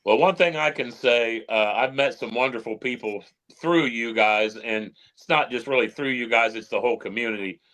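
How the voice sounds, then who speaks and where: Relaxed man host, mid-pitched voice, casual interviewer. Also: moderate pace, few pauses. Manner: relaxed, asks rambling questions. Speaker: podcast host.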